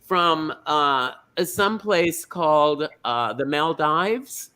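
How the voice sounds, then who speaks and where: Gushy small-town lady host played by a man, bright and a bit high, rambles on, stumbles over names. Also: expressive, drawn-out words, clear, resonant tone, exaggerated voice. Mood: chatty. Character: chatty middle-aged small-town lady pageant host. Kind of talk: comedic drag character hosting.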